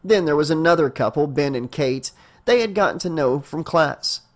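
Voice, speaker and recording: A male audiobook narrator reading a horror novel aloud. His voice sits a little high for a man, and he keeps a steady storytelling pace. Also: normal speed.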